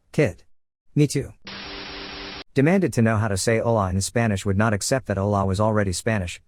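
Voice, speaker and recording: Low-voiced man reading forum posts. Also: slight background noise. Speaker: narrator.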